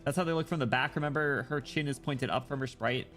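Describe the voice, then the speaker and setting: Excitable man streaming a story game. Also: medium pitch, fast, faint music behind. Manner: excitable, swearing, jokey reactions. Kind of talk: casual game stream, reading the story aloud.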